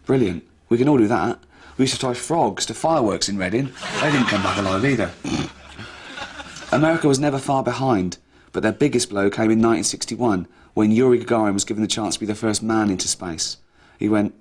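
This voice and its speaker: A man's voice: on the low side, brisk, slight background noise. A man, a comedian rambling through jokes and laughing at his own lines. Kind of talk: stand-up style comic monologue.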